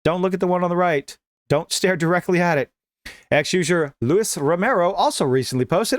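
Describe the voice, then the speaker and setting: Man, sarcastic commentary, lively up-and-down pitch, dry close sound. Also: dry recording. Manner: sarcastic, mocking asides. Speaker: commentary host. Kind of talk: reading and commenting on a news article.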